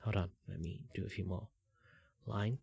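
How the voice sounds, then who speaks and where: A young Malaysian man draws on a stream and chats in a rambling way, packed with filler words, shifting between low and higher voices. His tone is dark and creaky with fairly even intonation at normal speed, over a little hiss or hum.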